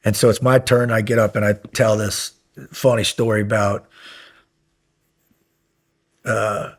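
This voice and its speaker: Former SEAL podcast guest, man in his 50s, husky low voice, animated storyteller who drops quiet. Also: a little slow. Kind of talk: casual storytelling interview.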